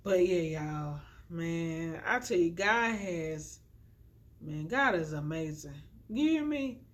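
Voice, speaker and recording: Her voice fairly low-pitched, expressive and slow, a young woman addresses the camera from the floor at home. Using a tripod-mounted phone and ring light, she gives chatty, preachy, inspirational pep talks to her viewers, peppered constantly with "y'all."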